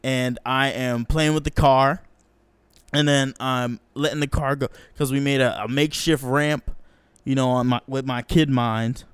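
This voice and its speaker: Smooth-voiced young man telling animated stories. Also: measured pace, dry recording. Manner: animated, profane, slangy, acts out quotes in a higher voice. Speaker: podcast host. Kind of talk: casual solo storytelling.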